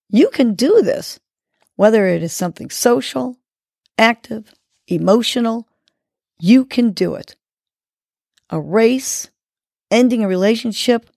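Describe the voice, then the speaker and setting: A woman's voice: medium pitch, vocal fry, mellow, dry recording, studio quality. A woman hosting a podcast, guiding a breathing exercise and giving encouraging, coaching words. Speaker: podcast host. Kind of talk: guided breathing and motivational talk.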